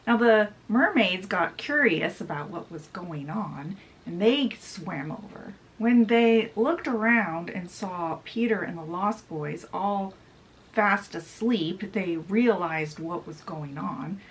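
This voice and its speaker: A woman's voice: on the low side, lively intonation, slow pace, low-quality recording. A woman hosting a book channel, summarizing a novel in a chatty retelling style full of casual asides.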